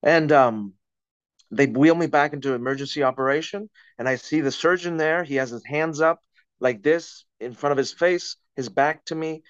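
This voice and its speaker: A man's voice: mid-range voice, clean tone, no echo, lo-fi sound. Man vividly retelling a dramatic story. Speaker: podcast guest. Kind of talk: storytelling in conversation.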